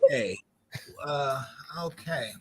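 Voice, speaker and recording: A man in his fifties speaking as a guest on a live talk show, asking probing questions in a measured, frank way. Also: fairly high pitch, fairly bright tone.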